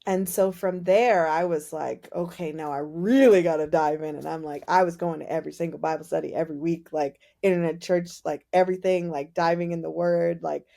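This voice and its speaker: A woman guest on a podcast, telling her faith story in casual, animated conversation and acting out the dialogue. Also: lowish voice, brisk, creaky, few pauses. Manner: animated storytelling, many "like" fillers, acts out dialogue. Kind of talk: personal testimony in casual conversation.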